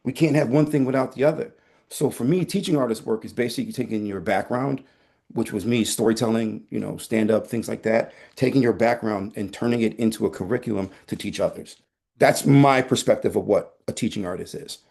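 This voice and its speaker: This guest, a teaching artist, has a gravelly mid-range voice and a brisk pace. He's playful and frank in a relaxed conversation, telling stories with lots of animation.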